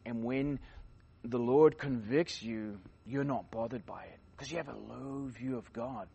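A man giving a conversational sermon at a youth conference, rambling with restarts and fillers and swinging between loud emphasis and quiet asides. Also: mid-range voice, a little slow, vocal fry, slightly rough.

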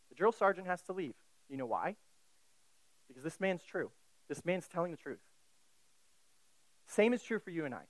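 A man's voice: sits high, expressive, moderate pace, long pauses, no echo, poor audio. A man preaching a sermon in a conversational way, often asking the listeners questions.

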